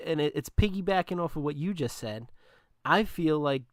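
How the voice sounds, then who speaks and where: A man's voice: a little high, animated, moderate pace, no room sound, clean studio sound. A man co-hosting a casual podcast, chatty and jokey, laughing at his own jokes. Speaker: podcast co-host. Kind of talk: casual chat.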